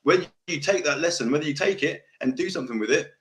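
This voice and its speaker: A man's voice: a little high, animated, fast, a bit bright. A young man with a South London accent hosting a podcast, chatting casually in a rambling, sweary way and repeating himself. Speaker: podcast host. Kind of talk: casual chat.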